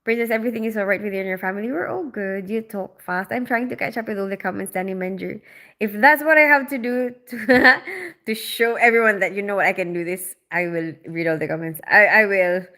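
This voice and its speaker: Bright, chatty Filipino-raised woman streaming. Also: medium pitch. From Philippines. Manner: chatty, quick, laughs often, many fillers. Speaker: livestream host, operating room nurse. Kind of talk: casual livestream chat, reading comments.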